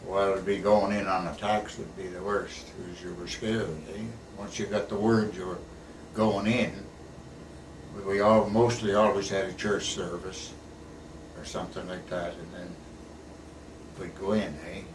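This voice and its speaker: At a measured pace and in a level tone, an older male war veteran shares folksy stories in a low voice. He's a plain-spoken interviewee who caps his sentences with "eh" in this casual storytelling interview. The echoey room, distant mic and faint hiss are all audible.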